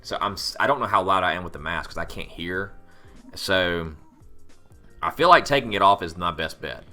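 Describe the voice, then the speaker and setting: A man's voice: low voice, normal speed, bright, forceful tone, faint music behind. A young man co-hosting a podcast, chatting casually and animatedly, telling stories and laughing easily. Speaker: podcast co-host. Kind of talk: casual chat.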